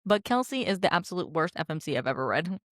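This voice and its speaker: A woman's voice: fairly low pitch, big pitch swings, fast, dry recording, clean studio sound. A young woman co-hosting a book podcast, chatting casually, gushing and emphatic, swearing freely. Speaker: podcast co-host. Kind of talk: casual chat.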